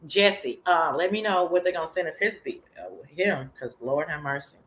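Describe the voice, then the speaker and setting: A woman's voice: low-pitched, fairly quick, roomy sound, slight background noise. Sassy, profane woman hosting a chat show. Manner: sassy, profane, animated, chatty. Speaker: talk show host. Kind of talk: casual livestream chat.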